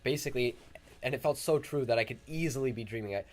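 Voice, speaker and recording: A man's voice: medium pitch, fast. A young man telling a rambling personal story in a casual podcast chat with friends. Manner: storytelling, rambling, many fillers. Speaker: podcast co-host.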